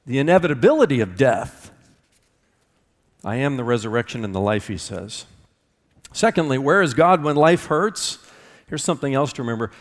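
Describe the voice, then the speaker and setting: A middle-aged man preaching a sermon, swinging between loud emphatic lines and soft hushed ones, with folksy asides and hesitant restarts. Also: medium pitch. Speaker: pastor. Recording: long hall reverb.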